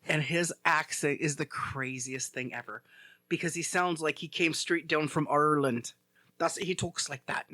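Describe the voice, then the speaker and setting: Casual podcast co-host, male, high and bright, rambling storyteller. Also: steady tone, moderate pace, dry recording. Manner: rambling storyteller, heavy use of "like". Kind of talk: casual chat.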